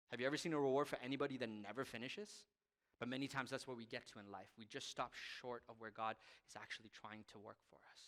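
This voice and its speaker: Passionate man preaching in a hall. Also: medium pitch. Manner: passionate, swings from loud to quiet. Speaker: youth pastor. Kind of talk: sermon. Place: church hall stage. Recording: long reverb of a hall.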